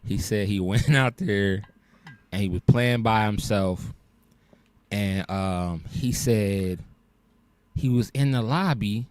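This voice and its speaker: A man with a low voice talks loosely on a casual podcast, laughing now and then. His voice sits close to the microphone with no room sound at all. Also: slow, long pauses, darkish tone, no echo. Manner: loose storytelling, laughs often. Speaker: podcast co-host. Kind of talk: casual chat.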